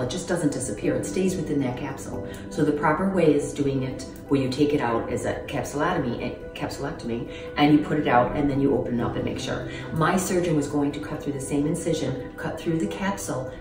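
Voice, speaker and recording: A woman in her fifties giving an emotional personal testimony in an interview, halting and earnest, close to tears. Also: sits low. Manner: earnest, halting, many ums. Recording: roomy distant mic with music.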